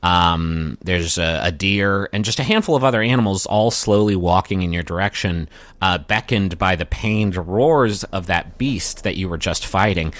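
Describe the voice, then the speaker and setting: A man narrating a tabletop game as game master, telling the scene with frequent ums and quick asides. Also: low-pitched, a bit bright, no room sound.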